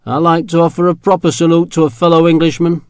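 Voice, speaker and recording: A man's voice: fairly high pitch, level tone, quick pace, clear, resonant tone, dry recording, studio quality, pitched above the performer's own voice, lightly acted. A man playing a tall, scornful English officer who barks curt orders and speaks with lordly contempt, in an audiobook reading.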